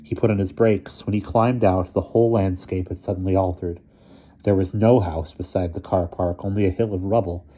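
A man reading a short story aloud in a measured, steady storytelling manner. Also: low-pitched, dull audio. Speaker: narrator.

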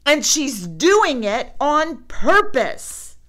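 A woman voicing a grumpy young boy bear cub who shouts and snarls in a storybook. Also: sits high, very animated, drawn-out words, pitched above the performer's own voice, full character voice. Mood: angry.

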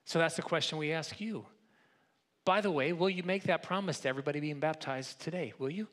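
A man's voice: a little high, fast. A man preaching a sermon as pastor in a church, talking conversationally and often restarting and repeating words. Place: church sanctuary.

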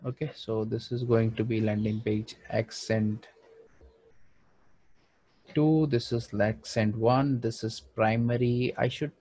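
A man's voice: mid-range voice, fairly even intonation, takes it slowly, mellow, no room sound. A man thinking aloud with frequent fillers as he narrates a screen-recorded design tutorial. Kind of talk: screen-recorded software walkthrough.

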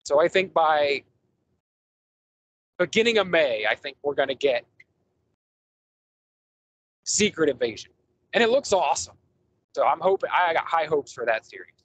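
A man's voice: on the high side, sing-song, moderate pace, pauses often, poor audio. A man hosting a casual podcast movie review, rambling enthusiastically with lots of fillers and restarts. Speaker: podcast host.

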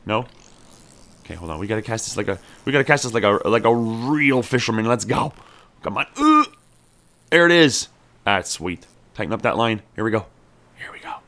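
Chatty man with a lively, bouncing pitch. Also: fast, creaky, long pauses. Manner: chatty, talks to his character, cheers on in-game action. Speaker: gameplay streamer. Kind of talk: casual let's-play commentary.

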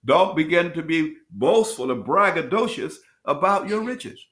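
A man teaching as pastor at a midweek bible study, reading scripture slowly and restating phrases as he explains. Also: on the high side, animated, fairly bright tone. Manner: preacherly, repeats and restates phrases; reads scripture slowly with rising emphasis.

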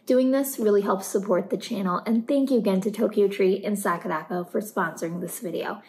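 A woman's voice: medium pitch, a little fast, a little mellow. A woman hosting a reaction channel, enthusiastically reading a snack-box sponsorship with bubbly praise. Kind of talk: sponsor read, then reacting to anime.

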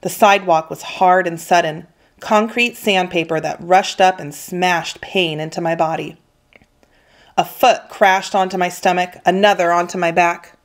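A woman teacher reading a children's novel aloud with steady, expressive storytelling. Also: fairly low pitch, a little slow. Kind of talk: children's book read-aloud.

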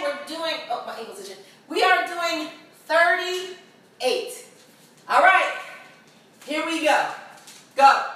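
A woman's voice: sits high, pushed and bright. Breathless, upbeat woman fitness instructor. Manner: upbeat, encouraging, laughs often. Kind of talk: home workout video, counting reps. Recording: echoey room, far from the mic.

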